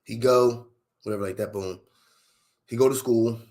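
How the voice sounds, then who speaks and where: A man's voice: mid-range voice, fairly even intonation, moderate pace, a little mellow. A man casually telling a personal story in loose, profane street slang, full of fillers.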